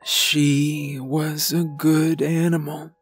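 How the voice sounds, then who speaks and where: A grim, weary old farmer, as a male narrator puts him on, his drawl slow and rural, pitched well above the reader's own voice and with an altered, weathered timbre. He sounds guarded and worn down, as in a spoken horror story. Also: steady tone, darkish tone, husky, soft background music. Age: older.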